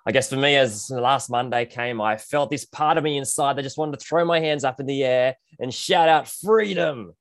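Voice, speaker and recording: A man preaching a sermon to his church over a video call, gentle and earnest, with frequent ums and restarts. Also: medium pitch, fairly even intonation, brisk, hardly any pauses, dry recording. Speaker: pastor.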